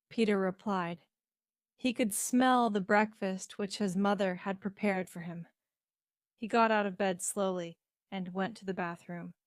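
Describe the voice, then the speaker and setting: Slow clear woman reading a story. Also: mid-range voice, steady tone, no echo, clean studio sound. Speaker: narrator. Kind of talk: graded reader story narration.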